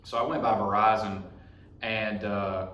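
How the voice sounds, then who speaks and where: A man's voice: fairly low pitch, steady tone, a little slow, a bit bright. Cussing guy in an echoey garage. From Alabama. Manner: profane, rambling and storytelling. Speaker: podcast host. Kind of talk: casual monologue. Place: home garage.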